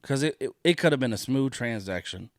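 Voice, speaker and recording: A man on a solo podcast, venting in a heated, profane rant that circles back on the same points again and again. His voice sits at an ordinary middle pitch, and the sound is close and dry, with no room around it. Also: animated, a little fast, no echo. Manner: profane, indignant, repeats his points for emphasis. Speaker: podcast host.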